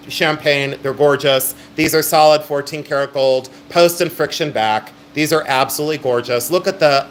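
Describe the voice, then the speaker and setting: A man's voice: fairly high pitch, a little hiss or hum. Middle-aged guy running a live jewelry sale, chatty and emphatic, hyping every piece. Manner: chatty, emphatic salesman patter. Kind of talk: live-stream jewelry auction.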